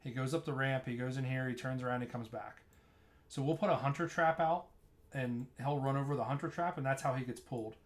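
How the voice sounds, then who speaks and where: Talking briskly in a middle-pitched voice, a young man breaks down a game fight over replay footage in a casual gameplay walkthrough about raid tanking. He's loose and conversational, frequently looping back to restart his thoughts.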